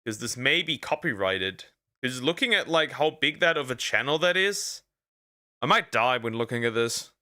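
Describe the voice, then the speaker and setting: Bright dry-voiced male streamer. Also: mid-range voice, expressive, moderate pace, dry recording. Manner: rambling, stammering, jokey asides. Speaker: VTuber streamer reacting to videos. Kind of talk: casual reaction commentary. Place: lives in Germany.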